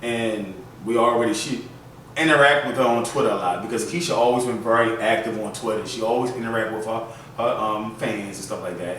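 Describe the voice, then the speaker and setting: A man hosting a casual storytelling vlog, chatting in an animated and loose way full of fillers. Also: medium pitch, a little hiss or hum. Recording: very echoey room, mic at a distance.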